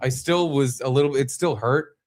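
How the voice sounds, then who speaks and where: Young male co-host, animated, swears a lot, mid-pitched voice, casual chat. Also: normal speed. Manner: animated storyteller, swears freely. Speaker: podcast co-host.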